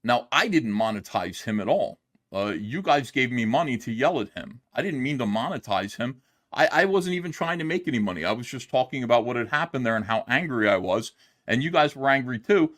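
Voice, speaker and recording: A middle-aged man holds forth on a casual livestream. He rants and swears freely, peppering his talk with fillers. His voice sits at a middling pitch for a man. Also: a little fast. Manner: animated, profane ranting with frequent fillers. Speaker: streamer reacting to a video.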